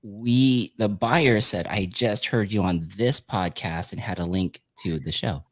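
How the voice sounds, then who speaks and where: A man hosting a casual podcast, upbeat and quick to laugh as he takes calls. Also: lowish voice. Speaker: podcast host.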